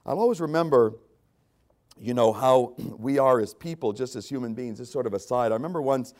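An older man preaching a sermon, reading scripture aloud and speaking with dramatic rises and drops in emphasis. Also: a little fast. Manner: reads scripture aloud with dramatic swings in pitch and loudness. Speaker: pastor.

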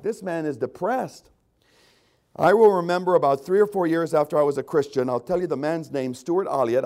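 An older pastor reads scripture aloud during his sermon, his delivery swelling and dropping dramatically in pitch and loudness.

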